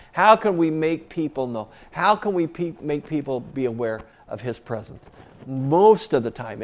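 Earnest conversational male preacher. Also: on the high side. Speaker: pastor. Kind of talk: sermon.

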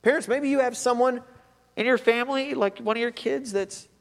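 A high-pitched man preaching a sermon with an emphatic, conversational delivery, driving his points home through repetition. His voice rings with the long reverb of a large church hall. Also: normal speed. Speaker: pastor.

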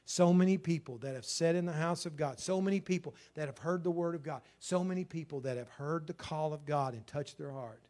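A man preaching a fervent sermon as pastor, swinging from hushed lines to loud emphatic ones. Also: a little high, brisk, few pauses.

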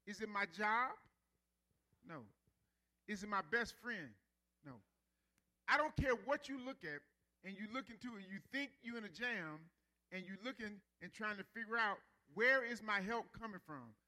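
Male pastor, high bright voice, sermon that builds to emphatic stretched-out words. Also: animated. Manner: preaching with rising intensity, drawn-out emphasis.

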